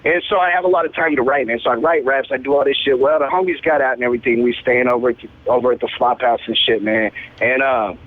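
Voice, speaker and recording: A man's voice: mid-range voice, steady tone, fast, slight background noise. A man in his twenties, a rapper, telling stories casually in laid-back street slang, peppered with profanity and "man". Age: 20s. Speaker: rapper, interview guest. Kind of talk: casual storytelling. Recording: tinny phone-like line.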